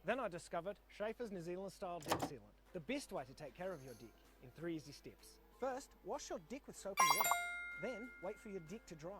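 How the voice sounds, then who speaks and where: A man doing a loud hammy infomercial guy selling hard, voice high and bouncing all over, big music under him. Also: big pitch swings, brisk. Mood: hammy hype. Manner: brash, hammy salesman delivery. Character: overexcited male infomercial pitchman. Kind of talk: mock TV commercial. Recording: clip with loud music behind.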